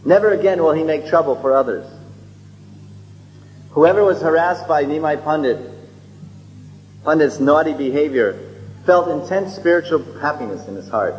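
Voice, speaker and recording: A man's voice: medium pitch, a little mellow. A man telling a sacred story in a sermon, chuckling and digressing with frequent restarts. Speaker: religious storyteller. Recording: echoey hall, dull lo-fi, faint hum.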